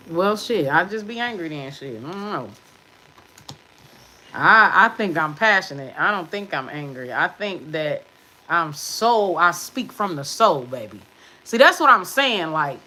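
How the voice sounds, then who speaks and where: A woman tarot reader talking to her viewers in a brash, profane, sassy way, with emphatic bursts and quick muttered asides. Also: mid-range voice, animated, pushed and bright, rough recording. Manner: emphatic, with sudden drops to mutters. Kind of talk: live tarot reading monologue.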